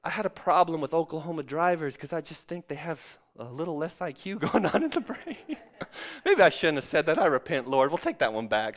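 A man's voice: on the high side, brisk. Man preaching with dynamic swings. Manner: dynamic preaching, swings from loud and excited to soft and hushed; calls out to the congregation. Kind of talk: sermon.

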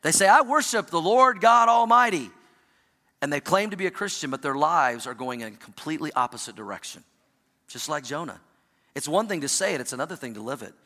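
A man preaching a sermon as pastor of his church, rising and then dropping low and quiet for emphasis. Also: lively intonation, fast, big-room sound. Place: church sanctuary.

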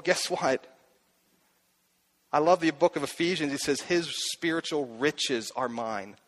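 A middle-aged man delivers a sermon from the pulpit in an earnest, searching way. His voice sits slightly higher than most men's, and he circles back to repeat his key lines as he questions himself aloud. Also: a bit bright. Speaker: pastor.

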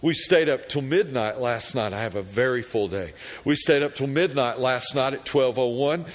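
A middle-aged man preaching a sermon as a pastor, reading scripture prayers with rising fervor and telling a personal story. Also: mid-range voice. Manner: slow, deliberate preaching that rises to fervent loud prayer readings.

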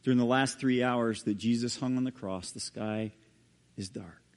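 A male pastor preaching a sermon and reading scripture aloud, dramatic, with sudden hushed low drops on key words. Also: steady tone, moderate pace. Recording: long hall reverb.

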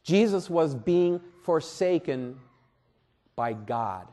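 Pastor guy preaching in church, slow and earnest, kinda high voice. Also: lively intonation. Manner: earnest, repeats words, slow and deliberate. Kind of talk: sermon. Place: church service.

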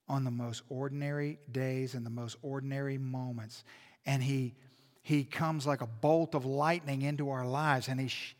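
A man preaching a sermon as pastor, swinging between hushed, intimate asides and loud, emphatic exhortation. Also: fairly high pitch. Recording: long hall reverb.

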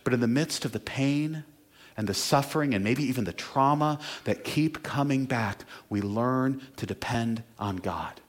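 A pastor preaches to his congregation in a mid-pitched male voice. He drops to quiet, slowed phrases and then climbs to loud, stressed declarations. The delivery is heartfelt and rhythmic, built on repetition. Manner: preaching with swings from soft, slow lines to loud, emphatic ones. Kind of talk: sermon.

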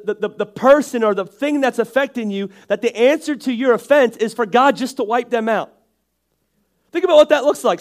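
A high-pitched male pastor with a nasal Northeastern American accent. He preaches in a chatty, joking tone, restarting lines and tossing out asides to the congregation. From Northeastern United States. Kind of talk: sermon.

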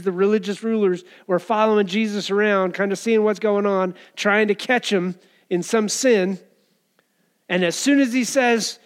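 A man with a fairly high voice preaches a sermon. He keeps it conversational and throws rhetorical questions at the congregation. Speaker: pastor.

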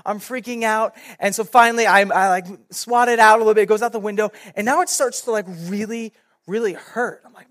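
A young man, a youth pastor, giving a sermon and telling a personal story in a casual, animated way. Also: high voice, fairly quick.

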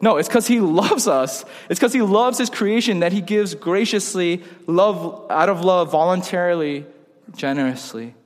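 A young man, casual and joking, telling stories in an animated way. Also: high voice, normal speed. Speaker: pastor. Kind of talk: sermon. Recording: long hall reverb.

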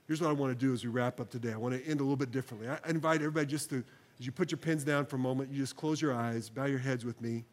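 Pastor, male, mid voice; earnest sermon close and prayer, slows down for phrases the church repeats. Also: medium pitch, steady tone. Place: church sanctuary, broadcast service.

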